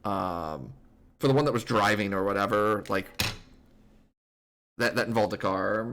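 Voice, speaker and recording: A man streaming a video game live, commenting in a chatty, excitable way with lots of fillers. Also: lowish voice, normal speed, long pauses.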